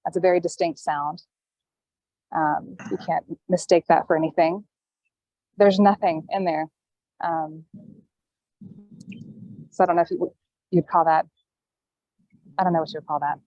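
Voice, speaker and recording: A woman guest telling a personal story in casual chat, with halting, thoughtful pauses, calling in from an airport gate over a video call. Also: on the low side, fairly even intonation, dark tone, dry recording. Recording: dull, dry call audio.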